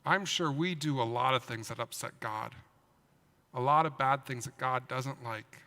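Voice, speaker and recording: A man, a pastor, giving an animated children's sermon in a church and asking his listeners questions as he tells the story. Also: medium pitch, measured pace, in a large hall. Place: church sanctuary.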